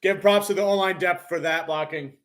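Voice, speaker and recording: High-voiced excitable male sports fan. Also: fairly quick. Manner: excitable, bursts into loud cheers. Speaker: live stream host. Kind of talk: fan play-by-play reaction.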